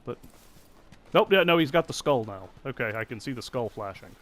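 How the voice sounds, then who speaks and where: A man's voice: medium pitch, expressive, moderate pace, a bit bright. Chatty man narrating a video game. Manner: chatty, self-deprecating, frequent restarts. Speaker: let's play host. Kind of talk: casual gameplay commentary.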